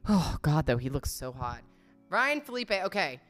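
A woman's voice: low-pitched, sing-song, normal speed, a bit bright, soft background music. A woman giving casual, blunt and profane commentary, laughing often as she reacts to a video.

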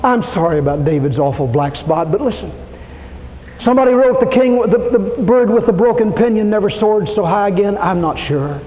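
Man, preacher, impassioned sermon, mellow tone, long church reverb. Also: sits high, normal speed. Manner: storytelling, rising to impassioned preaching with shouts and hushed whispers. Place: church sanctuary. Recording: reverberant hall, faint room noise.

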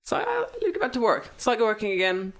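Animated swearing man telling a story. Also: high-pitched, fast talker. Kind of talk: casual chat. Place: lives in Japan.

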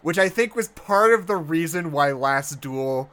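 A man's voice: a little high, lively intonation, a little slow, a bit bright. A man in casual podcast chat about movies, talking loosely and laughing often. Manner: chatty, laughs often, quotes people in put-on voices. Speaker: podcast co-host.

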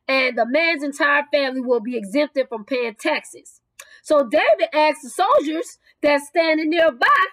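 A woman's voice: high-pitched, a bit bright, no room sound, rough recording. A woman retelling a Bible story, exclaiming and firing off rhetorical questions between casual asides. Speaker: bible teacher. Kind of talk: lively bible story teaching.

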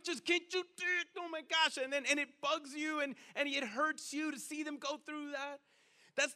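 A man preaching a sermon in a conversational, animated way, with casual slang and frequent rhetorical questions. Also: very high-pitched. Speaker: pastor.

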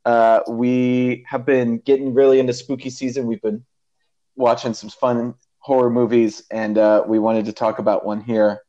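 A laid-back man from the Midwest hosts a podcast, chatting loosely with plenty of fillers and easy laughs. His voice sits at an ordinary middle pitch, and the recording sounds a bit dull and lo-fi. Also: level tone, moderate pace, dark tone. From American Midwest. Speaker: podcast host. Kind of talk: casual chat.

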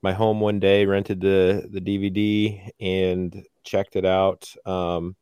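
A man's voice: low-pitched, level tone, takes it slowly, a little mellow, clear, resonant tone, dry recording, clean studio sound. A man co-hosting a podcast, talking in a rambling, hesitant way with plenty of fillers. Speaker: podcast co-host. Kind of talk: casual podcast chat.

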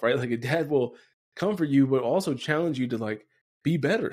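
A man hosting a spiritual podcast in a relaxed, conversational way. His voice sits at a middle pitch, and he keeps checking in with his listeners by asking "right?". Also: fairly quick. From Denver area, USA. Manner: casual, conversational, many "right?" tags. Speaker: podcast host. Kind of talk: Catholic reflection podcast.

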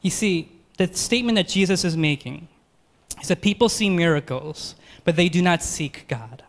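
A man preaching a sermon, earnest and rhetorical, moving between quick runs and slow, emphatic phrases. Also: high-pitched, lively intonation.

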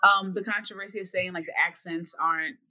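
A woman co-hosting a casual podcast chat, talking in an animated, emphatic way. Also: fairly low pitch, a little fast, low-quality recording. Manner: animated, emphatic, talks things through. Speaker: podcast co-host.

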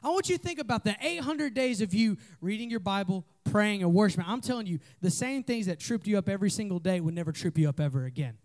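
A man preaches to a youth group, his voice sitting high for a man. He pushes from quiet asides up to near-shouts, calling on the crowd to answer back. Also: animated, fast, few pauses. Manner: passionate, rising to near-shouts with call-and-response. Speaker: youth pastor. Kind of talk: lively youth sermon. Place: meeting room in a trailer.

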